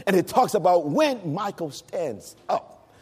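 Husky preacher guy, high voice, shouting and half singing, big echoey church sound. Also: lively intonation, measured pace. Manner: preaching with shouts and sung rising phrases. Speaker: pastor. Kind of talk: sermon. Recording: long hall reverb.

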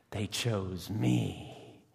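A rough, emotional rebel prisoner, voiced by a man, tells his story in a slow, gravelly first-person monologue. He swings from hushed words to loud outbursts, with dramatic pauses between them. The voice rings with the long reverb of a large hall. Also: fairly low pitch, exaggerated voice.

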